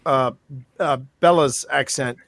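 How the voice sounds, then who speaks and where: A man's voice: medium pitch, unhurried, creaky, a bit bright, no room sound. A man co-hosting a casual podcast chat, telling rambling stories full of restarts. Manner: rambling storyteller, restarts, mimics accents. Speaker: podcast co-host.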